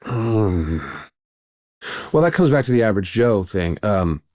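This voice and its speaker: A man's voice: lowish voice, sing-song, unhurried, a little mellow, no echo, clean studio sound. A man, an actor guest, telling stories in a casual, rambling way with restarts and fillers. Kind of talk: casual conversational storytelling.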